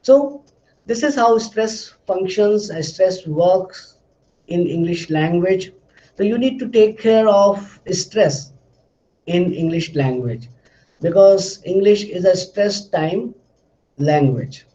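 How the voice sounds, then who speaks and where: A man's voice: high-pitched, lively intonation, slow, dark tone, lo-fi sound. A man lecturing on a recorded lesson recap, explaining steadily with frequent fillers and repeated phrases.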